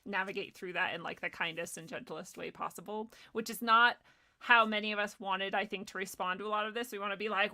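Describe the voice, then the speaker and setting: A young woman hosting a casual conversation, laughing often and telling lively stories. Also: medium pitch, a little fast. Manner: laughs often, lively storytelling, acts out voices. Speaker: podcast host.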